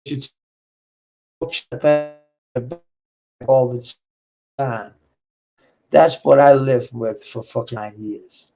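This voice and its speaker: Casting: man for a slow, profane vlog rant, gravelly, on a dull lo-fi recording. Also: mid-range voice, a little mellow. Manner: profane, rambling, laughs between thoughts. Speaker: vlogger. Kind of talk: rambling personal monologue.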